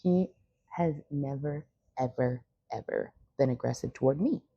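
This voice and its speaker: A woman's voice: extremely low pitch, a little slow, vocal fry, no echo, muffled recording. A young woman chatting casually in a vlog, rambling and swearing freely. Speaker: vlogger. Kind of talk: casual chat.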